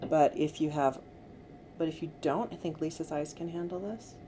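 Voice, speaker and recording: A middle-aged woman working as a makeup artist, giving gentle, coaxing instructions to a client during a tutorial. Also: low-pitched, normal speed. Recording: faint background noise.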